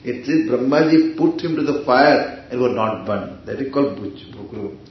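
A man's voice: mid-range voice, animated, normal speed. Guy telling scripture stories, super echoey dull hall recording. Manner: storytelling, with Sanskrit terms and asides to listeners. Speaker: spiritual teacher. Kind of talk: scripture discourse.

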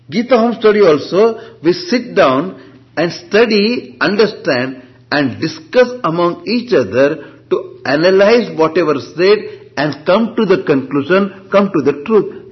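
In a dull, lo-fi classroom recording, a high-pitched man teaches Vedanta and Sanskrit. He keeps quizzing the class with rhetorical questions he answers himself, and reads Sanskrit terms slowly and deliberately.

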